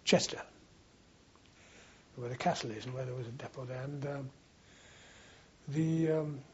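A man's voice: mid-range voice, fairly even intonation, unhurried, dull audio, a little hiss or hum. An older man, a war veteran, recalling old times in a rambling, anecdotal way for an oral history interview. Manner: rambling anecdotal storytelling, frequent restarts.

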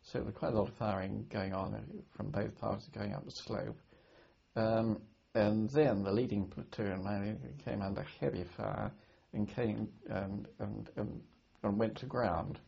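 An older man from Britain recounts his wartime service in a halting way, stopping, restarting and repeating words as he remembers. His low voice is heavily gravelly and husky. The recording is a dull, lo-fi archive tape. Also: fairly even intonation, mellow. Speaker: war veteran recalling his service. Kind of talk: oral history interview.

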